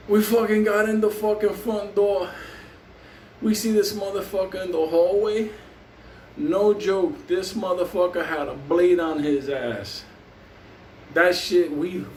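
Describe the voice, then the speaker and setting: A man with a high-pitched, darkish voice tells a wild story in casual, profane talk, laughing often and acting out the voices of the people involved. He's far from the mic in a roomy recording with faint ambience and a little hiss or hum.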